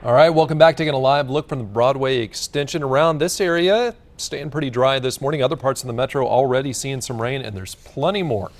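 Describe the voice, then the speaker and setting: A man's voice: mid-range voice, brisk, hardly any pauses. A man anchoring a morning TV newscast, reading stories and bantering easily with his co-anchor. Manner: easygoing banter between stories. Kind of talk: TV news anchoring.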